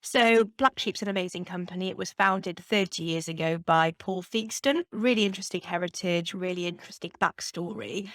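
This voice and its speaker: A woman's voice: fairly low pitch, normal speed, few pauses, a bit bright, no room sound, studio quality. A woman with a Geordie accent, a company chief executive answering podcast interview questions in a confident, upbeat, businesslike way. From Newcastle, England. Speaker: brewery chief executive, guest.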